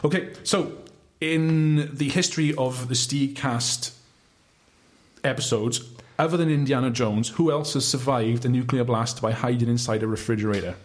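A man's voice: medium pitch, steady tone, normal speed. A man hosting a casual podcast quiz, jokey, swearing and laughing as he reads questions. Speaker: podcast host running a quiz.

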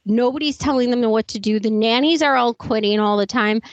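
Female co-host, 30s, fairly high voice, blunt and profane, dry close sound. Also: fairly quick, dry recording, dull audio. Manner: blunt, swears freely. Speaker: podcast co-host. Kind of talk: casual commentary chat.

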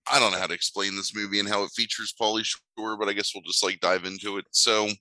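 A man's voice: fairly low pitch, level tone, fast talker, pushed and bright, dry recording, low-quality recording. A man co-hosting a casual movie podcast, talking in a dry, sardonic way with frequent ums. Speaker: podcast co-host.

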